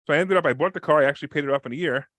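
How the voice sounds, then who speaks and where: A man, a real estate investor guest on a podcast interview, telling a story with lively energy and acting out the people in it. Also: no echo. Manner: fast, energetic, acts out quoted people with big pitch jumps.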